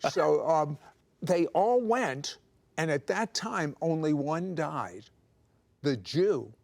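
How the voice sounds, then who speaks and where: A man with a gravelly, somewhat high voice tells his life story in a conversational interview. He is animated and slips teasing jokes in between the serious parts. He speaks into a clip-on mic in a studio. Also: takes it slowly. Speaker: guest telling his testimony. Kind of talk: conversational testimony. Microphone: clip-on microphone.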